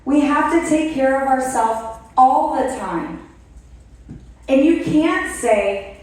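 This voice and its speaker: A woman speaking to an event audience, telling her own story with animated play-acting of her past reactions. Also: high-pitched, slow pace. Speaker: speaker at a wellness product event. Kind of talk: motivational testimonial talk to an audience. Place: event hall. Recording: echoey room, voice from far off the mic.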